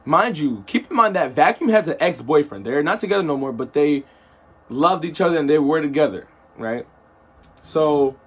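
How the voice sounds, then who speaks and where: Brief: man, casual storytime narrator, slightly high and husky, loose slang delivery. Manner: animated, rambling, slang-heavy storytelling.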